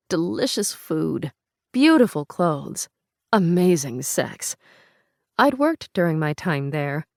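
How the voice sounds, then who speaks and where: A woman narrating a first-person novel in an audiobook, with a bright, expressive reading. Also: on the low side, no room sound, clean studio sound.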